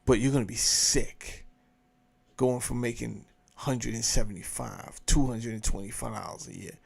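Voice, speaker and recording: Gravelly, blunt-talking male host. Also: mid-range voice. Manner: blunt, profane, emphatic. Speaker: show host commenting on a clip. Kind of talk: casual ranting commentary.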